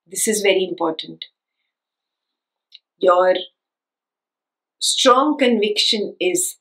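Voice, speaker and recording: A woman's voice: medium pitch, slow, pauses often, fairly bright tone, rough recording. A woman giving a spiritual teaching talk, who stresses and repeats her key points and keeps checking that listeners follow with rhetorical questions.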